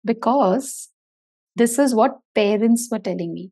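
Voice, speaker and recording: A middle-aged woman therapist giving a motivational talk to parents, expressive and animated, acting out her inner voice with big swings. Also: a little high, moderate pace. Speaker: therapist for autistic children.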